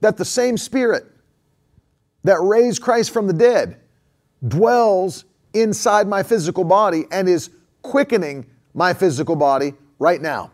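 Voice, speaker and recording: Brief: man preaching with a high, lively voice that swings widely, emphatic and full of repetition. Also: a little slow. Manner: emphatic, repeats key phrases, asks rhetorical questions. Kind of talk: sermon.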